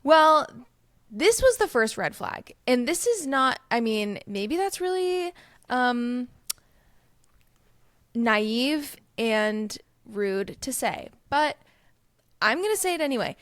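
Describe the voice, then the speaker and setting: Casting a young woman as a podcast co-host: an animated storyteller who jumps in pitch to act out the people in her anecdotes, with a dry, close sound. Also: slow, long pauses, no echo. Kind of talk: casual chat, storytelling.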